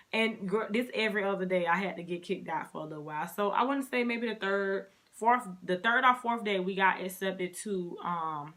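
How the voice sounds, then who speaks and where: A young woman vlogger telling her story in a casual, animated way, talking straight to her viewers. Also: mid-range voice, brisk, hardly any pauses.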